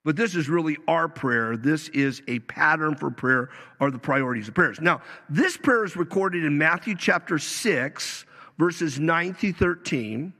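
Animated, bright-voiced preaching man. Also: measured pace. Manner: emphatic preaching with sharp swings in pitch and pace. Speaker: pastor. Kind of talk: sermon. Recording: preached in a hall with long reverb.

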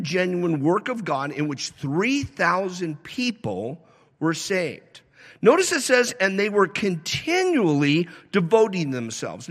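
Animated male pastor in a reverberant hall. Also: fairly high pitch. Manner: animated, conversational preaching with wide swings in pace and loudness. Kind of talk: sermon. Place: church sanctuary.

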